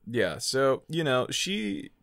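A man co-hosting a casual movie chat, gravelly, rambling and hesitant with lots of fillers. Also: mid-range voice, big pitch swings, slow, a bit bright, no echo, studio quality. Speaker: podcast co-host.

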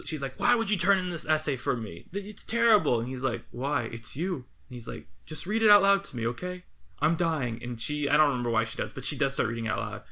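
A man co-hosting a podcast, recapping a film in casual chat, rambling and laughing often. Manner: rambling, animated, laughs often, breaks into high-pitched impressions. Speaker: podcast co-host.

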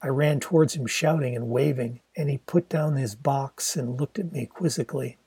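An older man narrating his own autobiographical novel as a steady, reflective audiobook reading. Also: mid-range voice, moderate pace, creaky, husky, no room sound.

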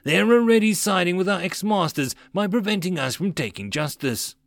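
A man's voice: high-pitched, expressive, moderate pace, no room sound, pitched above the performer's own voice. A man voicing a scheming, angry ex-slave rebel leader who hisses with bitter fervor. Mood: scornful. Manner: hissing, bitter, fervent.

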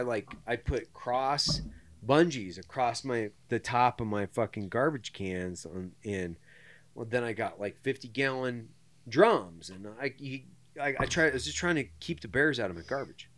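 A man hosting a podcast, telling a profane, animated story in casual chat. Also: mid-range voice, normal speed. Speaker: podcast host.

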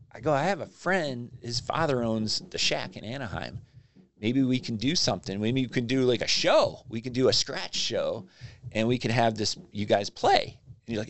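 A man's voice: medium pitch, normal speed, slight background noise. A man, a magazine publisher, casually telling stories as a podcast guest and acting out what people said. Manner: animated storyteller acting out quotes. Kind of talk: casual storytelling interview.

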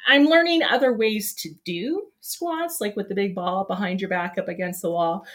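Female show host, casual, rambling, encouraging, mid-pitched. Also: normal speed. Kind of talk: casual chat.

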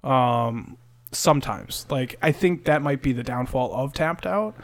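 A man's voice: medium pitch, unhurried. Male podcast co-host, casual and rambling, filler-heavy, jokey. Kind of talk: casual chat about card games.

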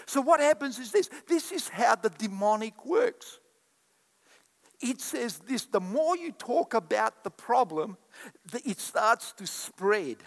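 Animated high-pitched preaching man. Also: takes it slowly, vocal fry. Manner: animated preaching, acts out quoted voices, calls to congregation. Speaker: pastor. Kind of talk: sermon. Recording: echoey hall with long reverb.

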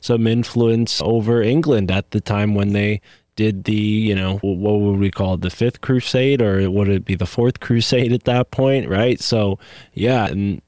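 Male podcast host, lower register, dry close sound, rambling conversational delivery. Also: fairly even intonation, a little slow, darkish tone, dry recording. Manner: rambling, many asides and restarts. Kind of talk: casual conversation.

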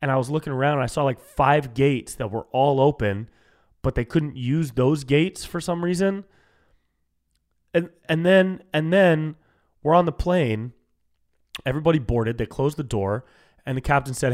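Young man, from California, solo comedy podcast host, animated, incredulous, casual riffing. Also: medium pitch, moderate pace. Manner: animated, incredulous riffing, says dude a lot.

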